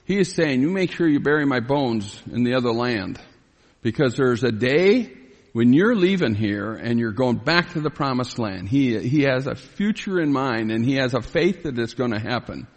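A male pastor preaching through a scripture passage, reading verses and stopping to explain them. His mid-range voice carries a gravelly edge, and the sound hangs in the long reverb of a church hall. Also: mid-range voice, expressive. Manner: reads scripture aloud and pauses to explain, grows pleading when voicing Joseph. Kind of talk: expository Bible sermon.

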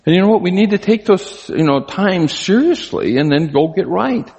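An older man with a husky voice preaching an earnest, conversational sermon, his pitch leaping up for emphasis. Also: lively intonation, normal speed, darkish tone. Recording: long hall reverb.

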